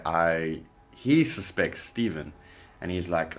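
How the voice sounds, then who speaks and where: A young South African man casually telling a story, relaxed and rambling, with lots of fillers and restarts. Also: deep voice, slow pace. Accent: South African English. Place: indoors by candlelight.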